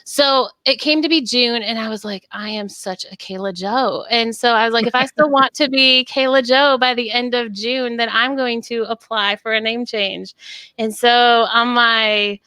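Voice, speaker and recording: A woman's voice: on the high side, steady tone, normal speed, sharp tone, clean tone, no echo. A woman guest in a casual interview, talking in a chatty way with lots of "like" and easy laughter. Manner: chatty, frequent "like", laughs easily.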